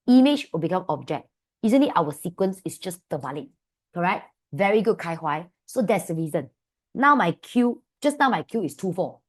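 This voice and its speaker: Malaysian lady maths tutor, slightly low voice, chatty and affectionate, keeps asking the class questions. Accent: Malaysian English. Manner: affectionate, calls students "my dear"; lively, asks many quick questions. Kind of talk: online class teaching.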